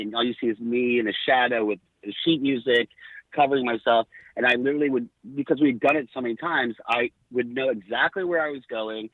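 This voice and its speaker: A man's voice: medium pitch, no room sound. Man telling stories over a tinny line. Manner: animated anecdotes with quoted dialogue. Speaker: podcast guest. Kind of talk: casual storytelling.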